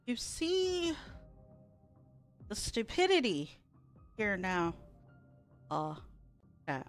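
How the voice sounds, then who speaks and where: A young woman streams a story game, reading the narration aloud in a slow, unhurried voice. She reacts with blunt sarcasm and frequent swearing. Faint game music plays under her. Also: mid-range voice, very animated. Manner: blunt, sarcastic, swears freely at the game's choices.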